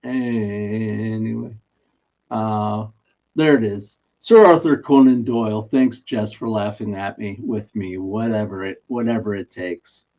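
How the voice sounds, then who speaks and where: A man with a mellow, low-leaning voice and an unhurried pace hosts a casual live stream built around a daily trivia guess. He chats easily, mocks himself, and often laughs mid-sentence; the audio is dull and lo-fi.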